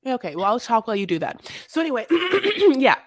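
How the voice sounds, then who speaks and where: A woman's voice: a little high, sing-song, brisk, no echo, studio quality. A woman co-hosting a casual recap podcast, talking in a sassy way, swearing freely and calling people honey. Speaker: podcast co-host. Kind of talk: casual reality-TV recap chat.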